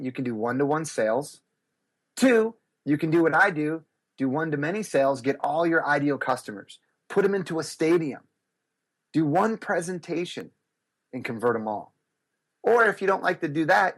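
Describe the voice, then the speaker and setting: A middle-aged man telling stories as an interview guest, acting out quotes with big jumps in his voice. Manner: lively, acts out quotes with big pitch jumps. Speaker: guest speaker and business coach. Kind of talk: animated storytelling interview.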